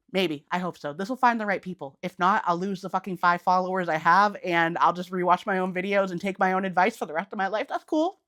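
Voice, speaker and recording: A young woman talking to camera about manifestation in a blunt, profane, high-energy way. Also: a bit bright, dry recording, studio quality. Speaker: manifestation coach on her channel. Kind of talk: casual vlog talk to camera.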